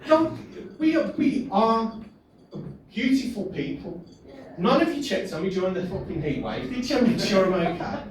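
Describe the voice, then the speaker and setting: A man's voice: high-pitched, expressive, normal speed. A man with a Birmingham accent doing a stand-up set, cheeky and laughing at his own jokes. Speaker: stand-up comedian. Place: small pub comedy room. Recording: echoey room from far off, noisy.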